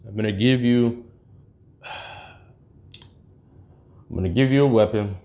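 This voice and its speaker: A man voicing a stern, weary woman fighter who mentors a boy, speaking low and subdued. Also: unhurried, dark tone, muffled recording, lightly acted.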